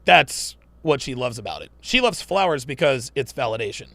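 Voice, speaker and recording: A man's voice: medium pitch, sing-song, normal speed, pushed and bright, no echo. A man hosting a live-stream commentary show, talking in a profane, emphatic and preachy way. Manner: mocks women in put-on voices.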